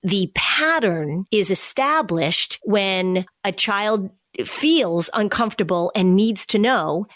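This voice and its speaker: A woman's voice: medium pitch, lively intonation, slow, hardly any pauses, fairly bright tone, dry recording, clean studio sound. A woman hosting a podcast, explaining in casual conversation and acting out the questions children ask. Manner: explanatory, acts out kids' questions. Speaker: podcast host, anxiety expert.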